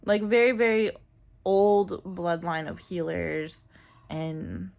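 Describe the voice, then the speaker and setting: Low, gravelly woman chatting candidly. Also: little pitch movement, slow pace, darkish tone. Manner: chatty and candid, many fillers, laughs often. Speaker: vlogger. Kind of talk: casual personal vlog talk.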